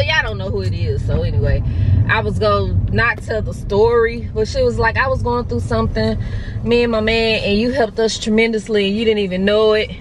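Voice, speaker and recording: Young woman, vlogger, outspoken and cursing, handheld phone audio, noisy stores and car behind her. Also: fairly high pitch. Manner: animated, outspoken, swears freely. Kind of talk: casual vlog chat. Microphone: handheld phone camera. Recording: background noise from stores and car. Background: store and car noise.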